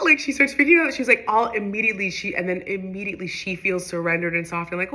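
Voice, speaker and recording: A woman's voice: medium pitch, fast, sharp tone. A young woman telling a long personal story in casual, rambling talk, full of fillers and restarts. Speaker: spiritual vlogger.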